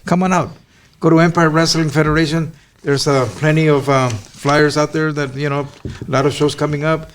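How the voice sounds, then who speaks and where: A man's voice: fairly high pitch, little pitch movement, normal speed, slight background noise. Hesitant man plugging his wrestling shows. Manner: hesitant, many ums and uhs. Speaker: wrestling promoter, guest. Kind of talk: casual interview chat.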